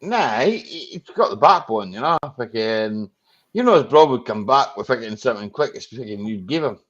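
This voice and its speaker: A man's voice: medium pitch, lively intonation, moderate pace, lo-fi sound. A Scottish man hosting a casual live chat, blunt and sweary, who keeps checking in with "right? okay?". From Scotland. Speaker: livestream host.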